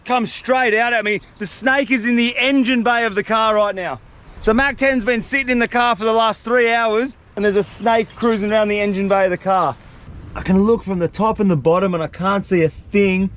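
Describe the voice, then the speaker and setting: A man vlogging in the bush, talking to camera in excitable bursts. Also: high-pitched. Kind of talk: casual outdoor vlog talk. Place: outdoors in the bush.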